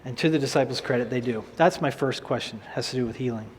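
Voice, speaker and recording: A man preaching a sermon in an animated, conversational way, often repeating phrases for emphasis. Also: medium pitch, fast talker, in a large hall, a little hiss or hum.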